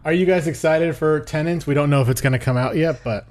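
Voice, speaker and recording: A man's voice: fairly high pitch, quick pace, darkish tone. A man co-hosting a casual film podcast, joking and argumentative, with some swearing. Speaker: podcast co-host.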